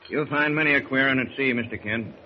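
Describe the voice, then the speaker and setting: A man playing a brisk, commanding sea captain in 1940s radio acting on an old, dull recording. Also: medium pitch, a little hiss or hum, lightly acted. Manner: commanding, curt.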